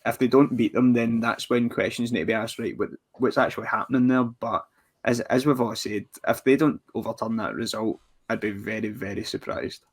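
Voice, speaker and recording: A man's voice: on the low side, normal speed, breathy edge. A Scottish man co-hosting a casual football podcast, talking bluntly in slang and swearing freely. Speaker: podcast co-host.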